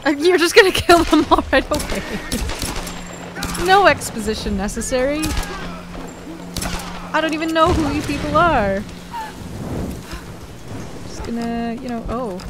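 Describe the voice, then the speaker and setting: A woman's voice: sits high, expressive, measured pace, pauses often, background noise. Chatty woman teasing her co-player. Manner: chatty, teasing, asks questions. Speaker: let's-play co-host. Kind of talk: casual gameplay chat.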